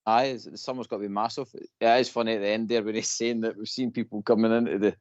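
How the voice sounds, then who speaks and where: A man's voice: lowish voice, steady tone, fast talker, a little mellow, dry recording, highs cut off. A Scottish man calling in to a fan radio show, rambling and repeating himself. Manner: repetitive, keeps saying "like I says". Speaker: caller. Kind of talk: phone-in chat.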